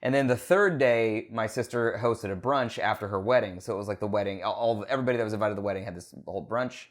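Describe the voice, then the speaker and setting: Give me a man hosting a podcast, chatty and animated, swearing freely. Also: fairly low pitch, fast. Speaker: podcast host. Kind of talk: casual chat.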